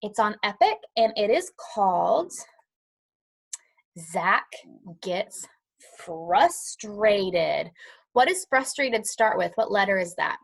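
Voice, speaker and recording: A woman's voice: mid-range voice, very animated, slow pace, creaky, pauses often. A woman teaching an online lesson to young children from home, encouraging and patient. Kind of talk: online class lesson and read-aloud. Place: at home, dog nearby.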